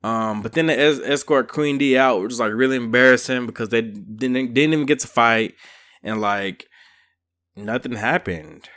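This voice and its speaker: Dude chatting thru a reality show recap, loose slangy talk, regular pitch. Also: male voice, normal speed. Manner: chatty, slangy, lively storytelling. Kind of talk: casual recap vlog.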